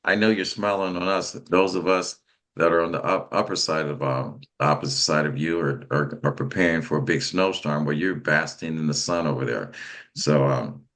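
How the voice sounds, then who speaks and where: A man hosting a motivational panel talk, speaking haltingly and often repeating his words. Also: a bass voice, steady tone, a bit bright. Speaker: host.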